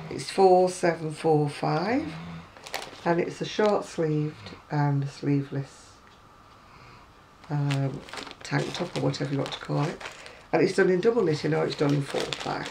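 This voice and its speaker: A woman's voice: deep voice, a little slow, creaky, noisy background. A British woman chatting casually at home while showing crochet magazines, rambling with wry asides. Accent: British English. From Britain. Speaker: crochet vlogger.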